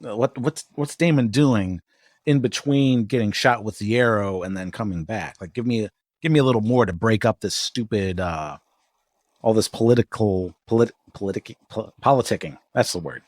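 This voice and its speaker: A man with a lowish voice recaps a TV episode as co-host of a podcast. He rambles loosely, cracks crude jokes and swears. The sound is dry and close to the mic. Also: moderate pace, no room sound. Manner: rambling, jokey, swears and laughs often. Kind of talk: casual TV recap chat.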